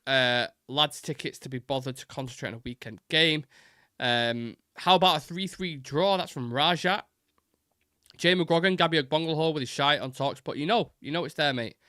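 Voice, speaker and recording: A man's voice: medium pitch, sharp tone, no echo, clean studio sound. A man hosting a live football chat stream, blunt and sweary, reading out and answering viewer comments. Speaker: host.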